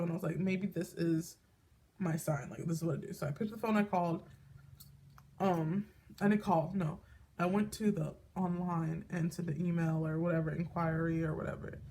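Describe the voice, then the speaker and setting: A woman's voice: on the low side, mellow, slight background noise. A woman talking candidly in a personal vlog, rambling with lots of fillers and restarts, emotional enough to tear up. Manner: emotional, tearing up at times. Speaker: vlogger.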